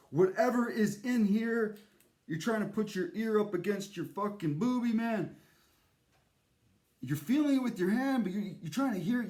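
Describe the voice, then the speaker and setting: A man's voice: high-pitched, darkish tone. A man hosting his own show in a rambling, theatrical monologue, swearing often and jumping from thought to thought. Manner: profane, erratic, theatrical. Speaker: host.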